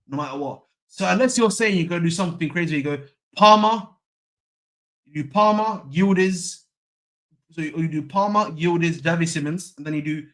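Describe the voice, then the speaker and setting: This young man's voice is a little high and a bit bright as he hosts his football fan stream, keeping the chat casual, repetitive and full of slang.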